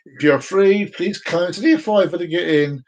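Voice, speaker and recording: A man chats alone to his camera on a live feed. His voice sits a little high, and he wanders from one thought to the next and repeats phrases. Now and then he breaks into silly voices. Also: normal speed, darkish tone, a little hiss or hum. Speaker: vlogger doing a live stream. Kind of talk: rambling casual monologue to camera.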